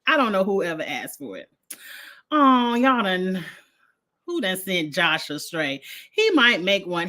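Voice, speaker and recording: A woman, reviewing a reality show in a blunt, animated casual livestream chat with frequent laughter. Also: medium pitch. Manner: blunt, animated, laughs often, uses slang.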